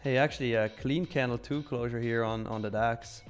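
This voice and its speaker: A man's voice: mid-range voice, fairly even intonation, normal speed, soft background music. A young man hosting a live trading stream, chatting casually and upbeat as he reads viewer comments, laughing often and using slang.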